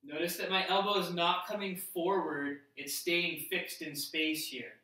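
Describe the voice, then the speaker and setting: A man talks through a workout as he demonstrates each move, explaining it step by step. His voice is bright and fairly high, and it sits back from the mic in a very echoey room. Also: steady tone, a little slow, recorded from a distance. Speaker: fitness instructor. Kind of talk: instructional workout demo.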